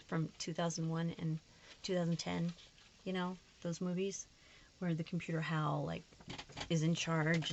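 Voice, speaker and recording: Chatty woman with a gravelly voice. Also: low voice, darkish tone, dull audio, a little hiss or hum. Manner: chatty, frustrated, slips into put-on voices. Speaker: planner vlogger. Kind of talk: casual chat to camera.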